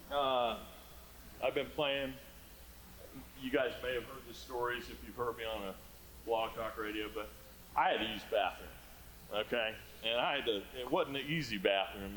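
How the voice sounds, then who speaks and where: A man's voice: mid-range voice, fairly bright tone, slight background noise, rough recording. A man presenting at a conference, telling rambling, self-deprecating stories in a casual way. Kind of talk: casual storytelling talk. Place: conference hall.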